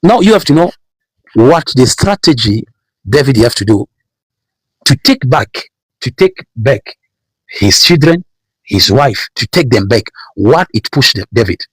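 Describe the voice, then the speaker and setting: In a rough recording with no room sound, a pastor delivers a sermon in a mid-range, sing-song voice with a breathy edge. He is unhurried and pauses often, repeating phrases and raising the emphasis as he calls out Bible verses.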